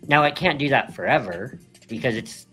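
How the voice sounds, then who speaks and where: A man's voice: mid-range voice, lively intonation, normal speed, sharp tone, faint music behind. A man co-hosting a live stream in casual chat, rambling with many restarts and frequent laughs. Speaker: co-host.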